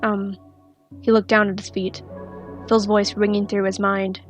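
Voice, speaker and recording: A woman narrating a fanfiction story in a steady, soft-spoken reading. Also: medium pitch, moderate pace, soft background music. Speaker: fanfiction reader.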